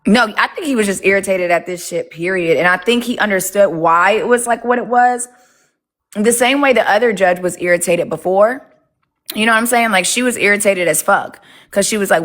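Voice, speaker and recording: A woman on a casual livestream, telling a story in a lively way, acting out what others said, and swearing freely. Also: mid-range voice, fairly quick. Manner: animated storytelling, acts out quotes, swears freely. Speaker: livestreamer recounting a court case. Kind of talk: casual live chat.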